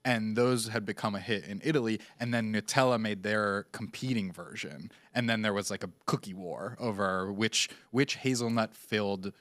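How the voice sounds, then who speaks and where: A man's voice: on the low side, normal speed, few pauses, a bit bright, dry recording. A man co-hosting a culture podcast, telling stories in an easygoing, chatty way. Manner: easygoing storytelling with fillers. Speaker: podcast co-host. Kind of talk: casual chat.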